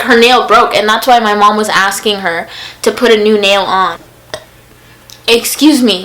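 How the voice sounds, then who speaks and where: A young woman telling a storytime rant to her viewers, irritated and animated, filling her talk with "like" and acting out what people said. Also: fairly high pitch, rough recording. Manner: animated, frequent "like", acts out quotes. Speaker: vlogger.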